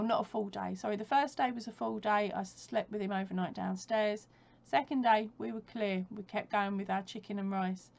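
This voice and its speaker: A woman's voice: mid-range voice, vocal fry, highs cut off. A woman chatting casually at home for her crochet vlog, rambling, laughing often and correcting herself as she goes. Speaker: crochet vlogger. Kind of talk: casual chat.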